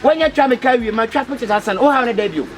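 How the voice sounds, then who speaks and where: A man's voice: very high-pitched, very fast, slight background noise. A Ghanaian man with a Twi accent in a comedy skit, pleading and stammering with many repetitions. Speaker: comedy skit actor, fake motor rider.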